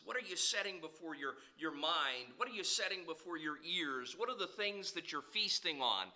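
A young man preaching a sermon, moving between loud emphatic declarations and quieter conversational asides to the congregation. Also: a little high, lively intonation, normal speed, few pauses.

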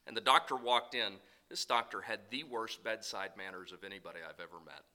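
A middle-aged man preaching a sermon, telling stories with sudden loud bursts and soft asides. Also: fairly low pitch, fairly quick, low-quality recording. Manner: animated storytelling, swings between loud bursts and soft asides. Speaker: pastor.

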